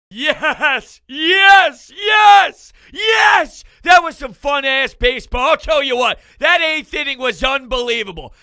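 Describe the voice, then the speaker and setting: A man's voice: high voice, sharp tone, smooth, dry recording. A man hosting his own sports fan channel, giving a fired-up, emphatic post-game recap and swearing casually.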